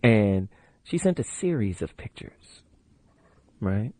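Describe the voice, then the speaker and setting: Brief: middle-aged male radio host, animated swinging delivery, dry close studio mic, brash storyteller. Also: lowish voice, slow, no echo. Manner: brash, storytelling, repeats the call-in number. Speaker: radio talk show host. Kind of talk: late-night radio call-in talk. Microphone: studio microphone.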